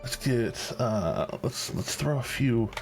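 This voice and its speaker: Unhurried game master man. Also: medium pitch, vocal fry, faint music behind. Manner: relaxed, rambling with fillers and restarts. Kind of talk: running a tabletop game online.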